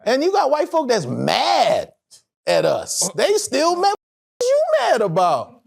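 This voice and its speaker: A middle-aged man, an actor, telling a personal story in an interview with animated, profane, emotional delivery. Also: very high-pitched, slow, vocal fry, husky.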